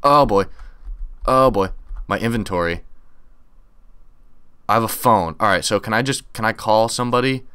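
A man's voice: lowish voice, normal speed, long pauses, sharp tone, clean tone. Jumpy young man narrating a horror game. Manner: jumpy, nervous, talks to himself while playing. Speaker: gaming channel host.

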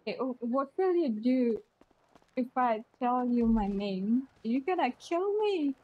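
A woman's voice: fairly high pitch, lively intonation, a little slow, phone-quality sound, a little hiss or hum. A woman roleplaying in a game, playful and evasive, joking and giggling as she dodges questions. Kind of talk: in-character game roleplay chat.

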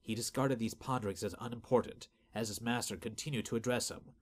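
A man giving steady, measured scripted narration of a fantasy audiobook. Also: medium pitch.

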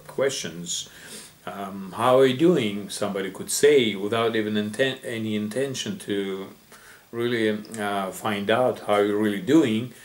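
A man whose first language is Russian tells a story in a casual spoken English lesson, talking with many ums, pauses and restarts. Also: on the low side. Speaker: English teacher.

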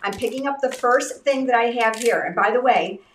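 A middle-aged woman from the United States hosting a craft livestream giveaway, upbeat and chatty, congested and a little raspy from illness. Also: a little high, moderate pace, reverberant, far from the mic, slight background noise. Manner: upbeat, chatty, addresses viewers directly. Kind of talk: live-stream product giveaway chat.

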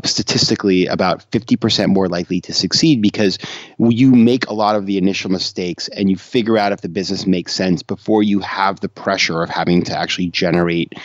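Guy with a lowish voice chatting as a podcast guest, dull dry audio. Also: dry recording. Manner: chatty and self-deprecating, laughs easily. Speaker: guest author and investor. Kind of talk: interview conversation.

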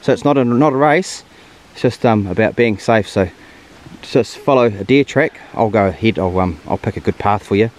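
A man's voice: lowish voice, normal speed. A man, a hunting guide and host, giving easygoing practical instructions and chatting outdoors. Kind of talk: casual outdoor instruction and wrap-up chat. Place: outdoors on a hillside.

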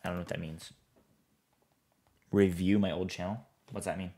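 This low, steady, mellow voice has a breathy edge and moves at normal speed. It belongs to a man streaming a building game who reads out chat messages and replies in loose, easygoing rambles during casual play.

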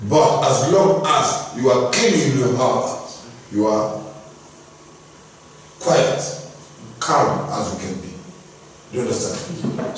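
A man's voice: medium pitch, a little hiss or hum. A male pastor preaching a sermon, emphatic and repetitive, often asking the congregation if they follow. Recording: echoey hall from far off.

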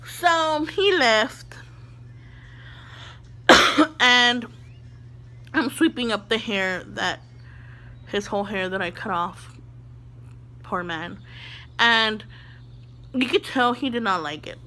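A young adult woman vlogger telling an animated storytime. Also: a little high, slow, pauses often, a little hiss or hum.

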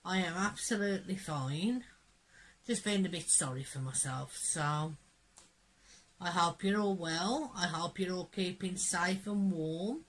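A woman talks in a slow, easy rhythm, her voice a little croaky from a cold. She sits at the lower end of the female range and sounds gently delighted as she chats through her mail. A faint hum of room noise sits behind her. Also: rough recording. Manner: gentle, chatty, softly enthusiastic. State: hoarse, croaky from illness. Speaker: craft channel vlogger. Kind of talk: casual chat opening mail.

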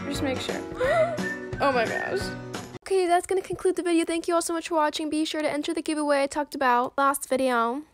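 A female gaming video creator giving excited, dramatic commentary while she plays. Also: high-pitched, fast talker. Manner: dramatic, gasping and gushing. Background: background music.

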